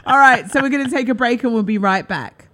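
A woman hosting a talk show, chatting casually and telling an animated story, acting out what people said. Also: a little high, a little fast. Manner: animated, acts out quotes in lively voices. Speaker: host.

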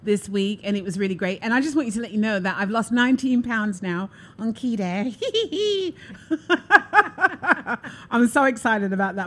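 A woman hosting a casual live-stream talk show, talking in an effusive, enthusiastic and chatty way. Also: a little high. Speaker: show host. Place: New York City.

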